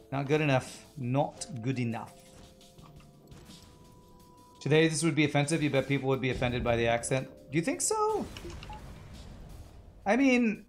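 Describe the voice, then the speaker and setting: A male streamer gives loose live commentary on his game. He jokes, rambles, and swears often, in a slightly high voice. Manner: joking, rambling, profane.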